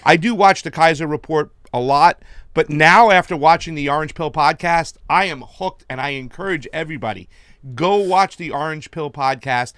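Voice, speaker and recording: A man's voice: fairly high pitch, moderate pace, a bit bright, smooth, dry recording, studio quality. A man hosting an interview show, hyped, slangy and profane as he introduces his guest. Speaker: host.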